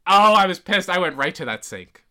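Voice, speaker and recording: A young woman co-hosting a podcast, blunt and expressive in casual chat, swearing freely. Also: lowish voice, moderate pace. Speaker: podcast co-host.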